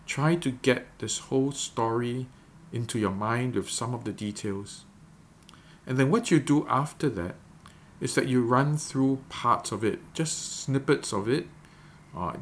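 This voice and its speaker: A man leading a devotional guided meditation, gently coaching listeners step by step before reading scripture. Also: mid-range voice, a little slow, a little hiss or hum. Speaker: devotional leader.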